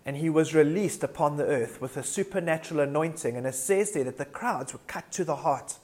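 Earnest male preacher, higher voice. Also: a little fast, few pauses, darkish tone. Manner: earnest, builds to emphatic lists. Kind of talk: sermon.

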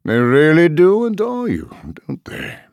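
An actor playing a charming, wry male noble knight in an audiobook drama, talking in a smooth, teasing way. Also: a little high, wildly swooping pitch, unhurried, a little mellow, no room sound, heavily acted.

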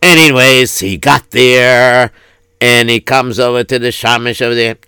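A man's voice: mid-range voice, steady tone, measured pace, bright, forceful tone, smooth, dry recording. A man telling a comic folk story in a rambling, chatty way.

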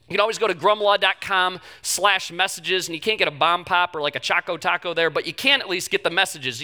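A male pastor preaches in a loose, chatty way, leaning on fillers as he tells the story. His voice sits high for a man and has a bright, forceful edge. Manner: animated, conversational storytelling with frequent fillers. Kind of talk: sermon.

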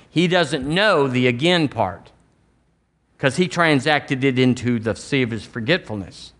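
A man's voice: a little high, animated, moderate pace, fairly bright tone. A man with a Southern US accent preaching a sermon as pastor, emphatic, with folksy asides and little acted-out quotes.

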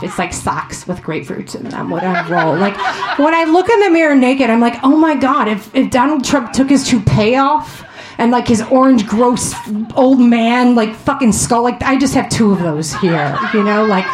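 A woman in her thirties from Ohio doing a profane, animated stand-up comedy set. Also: a little high, normal speed, echoey room, noisy background. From Ohio, USA.

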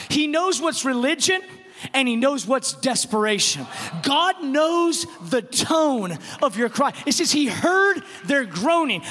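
A pastor preaching a sermon, emphatic and repeating words, slowing down to stress key phrases. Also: male voice, very high voice, a bit bright. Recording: long reverb of a large hall.

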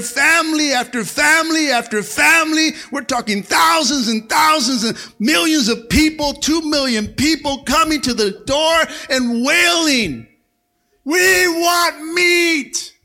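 A male pastor preaching a sermon to a congregation, fervent and rousing, with frequent calls of amen and come on. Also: very high-pitched. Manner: fervent preaching with call-and-response, punctuated by shouted amens. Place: church service before a congregation.

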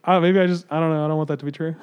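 A man's voice: fairly high pitch, fairly even intonation, very fast, clean tone, lo-fi sound. A man co-hosting a podcast in casual chat, who laughs often as he talks. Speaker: podcast co-host.

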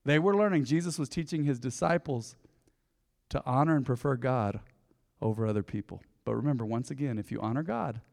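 A man's voice: mid-range voice, fairly quick, gravelly, darkish tone. A male pastor preaching a sermon in a conversational way, often asking the congregation questions. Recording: long reverb of a large hall.

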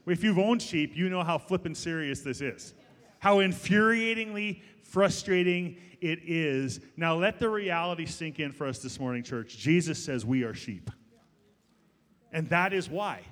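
A middle-aged man preaching a sermon as pastor, jokey and lively, talking straight to the congregation. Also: a little high, a little slow. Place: church. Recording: long church hall reverb.

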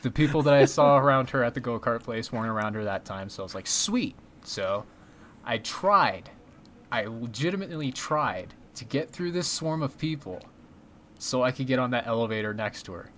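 Male podcast co-host, casual, laughs a lot, swears freely, mid-pitched everyday voice. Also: lively intonation, brisk, fairly bright tone, a little hiss or hum. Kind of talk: casual chat.

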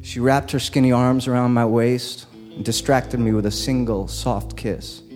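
A man's voice: mid-range voice, fairly even intonation. Man telling a story on stage. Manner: slow, deliberate, dramatic pauses. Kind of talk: live personal storytelling. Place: stage before a live audience. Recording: long reverb in a live hall, soft guitar behind.

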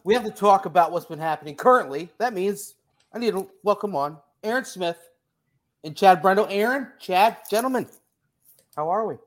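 A man's voice: high voice, animated, normal speed. A man with a New Jersey accent hosting a casual sports podcast, upbeat and playful, working in sponsor plugs. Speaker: podcast host.

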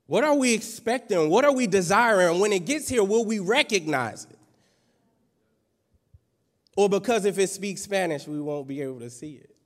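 A man preaches in a church sanctuary with a slightly high voice, talking loosely and playfully and firing off rhetorical questions at the congregation. His voice rings out with a long hall reverb behind it. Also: lively intonation, normal speed. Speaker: pastor. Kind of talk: sermon.

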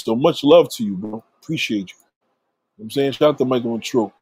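A man hosting a livestream, ranting profanely and repetitively at a viewer in chat and giving shout-outs to supporters. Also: mid-range voice, fast, breathy edge, no room sound. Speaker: livestream host reading chat. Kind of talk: casual livestream rant.

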